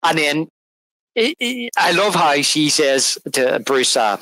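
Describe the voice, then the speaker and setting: A man's voice: fairly high pitch, takes it slowly, no echo, poor audio. A man co-hosting a film podcast in casual chat, retelling scenes with energy, laughing often and restarting his words. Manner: animated, retells scenes and acts out the dialogue. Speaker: podcast co-host.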